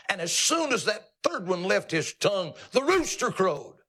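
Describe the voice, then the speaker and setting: A man's voice: high voice, expressive, unhurried, gravelly, fairly bright tone, breathy edge. A man preaching a sermon in a folksy, dramatic and teasing way.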